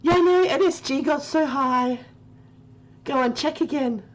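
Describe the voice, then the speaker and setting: A woman's voice: high voice, a little slow, poor audio. A woman streaming a game live, chatting with her viewers by name and laughing often. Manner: giggly, laughing often and talking to chat by name.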